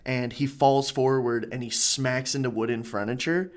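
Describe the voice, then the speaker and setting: A man's voice: mid-range voice, fairly even intonation, normal speed. A man telling a story in a loose, rambling casual chat, full of filler words and the odd swear.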